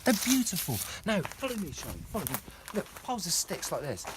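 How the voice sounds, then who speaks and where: A man's voice: high voice, big pitch swings, a little fast, noisy background. A man giving a passionate, emotional walking tour of his plant nursery, talking to camera outdoors.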